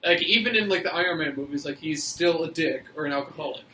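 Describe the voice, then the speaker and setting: A man's voice: a little high, fast, sharp tone, far from the mic. A young man co-hosting a casual podcast, laid-back and full of "like" fillers. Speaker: podcast co-host. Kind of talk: casual chat. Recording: echoey room, off-mic, faint noise.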